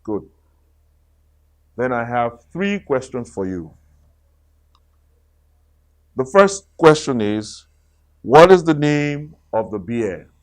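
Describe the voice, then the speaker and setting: A middle-aged man reading a children's story aloud as a storyteller, slow and expressive, then quizzing his listeners. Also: medium pitch.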